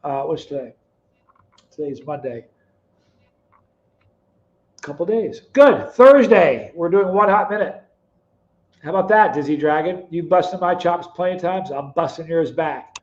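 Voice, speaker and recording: A middle-aged man with a fairly high voice hosts a casual live stream. He chats and teases his viewers by name. The sound is dull and a little lo-fi. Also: unhurried, long pauses. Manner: chatty, teasing viewers by name, storytelling. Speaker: live stream host reading chat. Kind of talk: casual chat.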